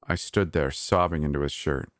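Deep-voiced male narrator, earnest first-person storytelling, dry close sound. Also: steady tone, moderate pace, no echo.

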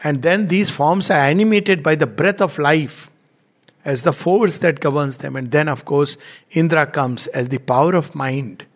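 Middle-aged man, spiritual teacher, slightly high gravelly voice, lively storyteller who laughs often. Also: measured pace. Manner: animated, laughs often, acts out quoted speakers. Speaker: spiritual lecturer. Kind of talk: lecture with storytelling.

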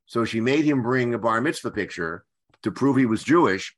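An older man from the Philadelphia area, a guest screenwriter telling anecdotes in a halting way, with many restarts and fillers. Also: medium pitch, lively intonation. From Philadelphia area, USA. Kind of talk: anecdotal storytelling.

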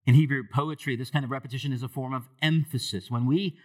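With a steady tone and quick pace, a male pastor preaches a sermon to his church, asking the congregation questions and moving between soft, low lines and loud, raised ones.

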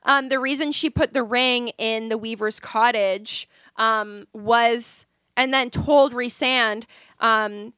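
A young woman rambles through fan theories in a casual podcast chat, her voice bright and a little high. The sound is dry and close, with no room around it. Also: slow pace, clear, resonant tone, no echo. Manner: excited, rambling fan talk with fillers. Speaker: podcast co-host.

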